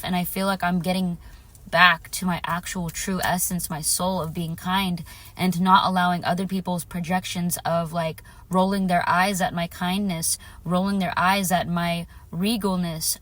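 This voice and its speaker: A woman's voice: on the low side, level tone, moderate pace, fairly bright tone. A woman vlogger telling a personal story in a casual, earnest way, repeating phrases for emphasis and affirming her viewers directly. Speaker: spiritual vlogger.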